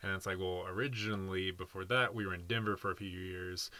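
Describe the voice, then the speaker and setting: A man's voice: low-pitched, steady tone, brisk, bright, forceful tone. A man in his thirties from Nashville, co-hosting a podcast in casual chat, rambling and playful. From Nashville, Tennessee. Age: 30s. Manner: rambling, playful, laughs often. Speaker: podcast co-host.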